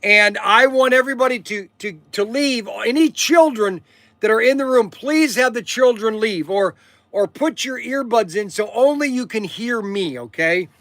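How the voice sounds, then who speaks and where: A man's voice: high-pitched, normal speed, fairly bright tone, no room sound. A man hosting a casual livestream, rambling and repeating himself, tacking "okay" onto his sentences. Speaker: livestream host.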